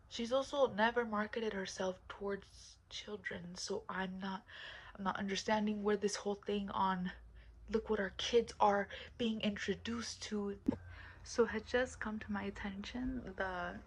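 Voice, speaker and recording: A woman vlogger in a casual, rambling commentary, blunt and profane, often dropping into hushed, whispered asides. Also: mid-range voice, slight background noise, rough recording.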